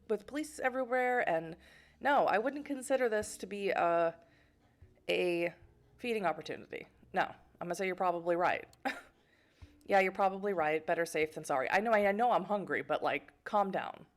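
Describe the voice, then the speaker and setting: A woman's voice: medium pitch, moderate pace. A woman from Boston streaming a game, reading its text aloud with chatty asides. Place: home in Germany.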